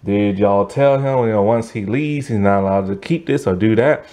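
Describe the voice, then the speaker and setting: A man's voice: on the low side, normal speed. A man giving a casual, rambling review monologue with lots of fillers and frequent laughs, sounding tired. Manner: rambling, animated, laughs often, many fillers. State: yawning, tired. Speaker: movie and TV reviewer.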